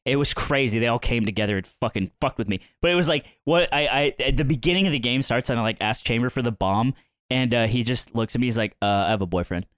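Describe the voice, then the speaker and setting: A man's voice: mid-range voice, fast talker, fairly bright tone, dry recording, studio quality. A young man co-hosting a casual podcast, joking and laughing through his stories. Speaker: podcast co-host.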